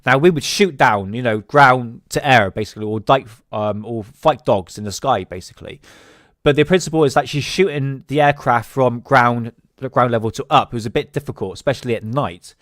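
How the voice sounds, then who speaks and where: A man's voice: mid-range voice, a little fast, a bit bright, no room sound, studio quality. A man hosting a casual solo talk, rambling with many fillers and restarts. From England. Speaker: host.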